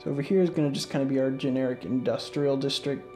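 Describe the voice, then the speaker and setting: A gaming channel host plays through a casual let's-play, narrating his moves quickly in a mid-range voice over faint game music. He sounds sleepy, yawning, and rambles loosely with plenty of fillers and restarts.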